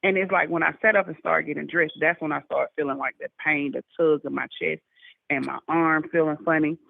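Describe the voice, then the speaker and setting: Woman calling in over the phone, gravelly voice, tinny line, earnest and pushy about getting checked. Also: sits low, fairly even intonation, brisk, no room sound. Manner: earnest, urging listeners. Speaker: guest sharing a health testimony. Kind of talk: casual chat. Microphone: phone call.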